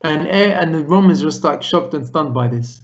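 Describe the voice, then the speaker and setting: A man's voice: a little high, normal speed, lo-fi sound. A man, a rabbi, telling a Torah story to his congregation over a video call, acting out the characters' lines as he goes. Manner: animated retelling, voicing characters' lines.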